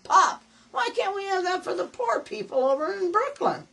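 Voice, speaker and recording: Old lady doing an excited young guy, high and pleading, bit far off. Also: moderate pace, gravelly, full character voice. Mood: eager. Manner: eager, pleading. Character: eager young showman son, excited.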